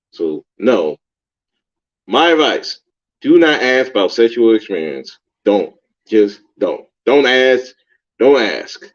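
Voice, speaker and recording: A man's voice: medium pitch, a little mellow, muffled recording. A man hosting a podcast, reacting in casual, blunt, profane commentary and laughing at himself. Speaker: podcast host reviewing an interview.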